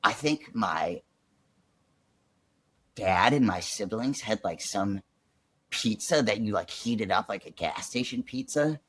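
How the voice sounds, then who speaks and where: A young Chicago man, appearing as a podcast guest, recounts his own story in a chatty, animated way, peppering it with "like." His voice is lowish and slow with frequent pauses, and there's no room sound.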